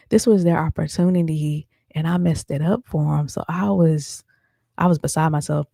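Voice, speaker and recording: With a deep, warm, creaky voice and a steady tone at normal speed, a podcast host chats through a personal story, addressing listeners as "y'all" and using many fillers. The recording is dry and studio quality.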